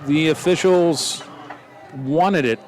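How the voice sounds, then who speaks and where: A man calling a live high school football game play by play, quick and joking as he corrects himself. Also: darkish tone, a little hiss or hum. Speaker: play-by-play announcer.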